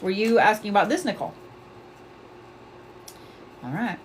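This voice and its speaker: A woman's voice: mid-range voice, lively intonation, normal speed, a little hiss or hum. A woman hosting a psychic reading livestream, blunt and profane, laughing often and repeating her points with force. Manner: emphatic, repeats commands to the viewer. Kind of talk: casual livestream chat.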